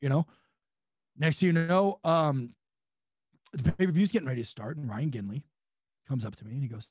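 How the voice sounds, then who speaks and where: A man's voice: mid-range voice, brisk, long pauses, darkish tone, breathy edge, no room sound, highs cut off. A man from California on a podcast, telling rambling, profane anecdotes in a casual chat. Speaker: wrestling guest.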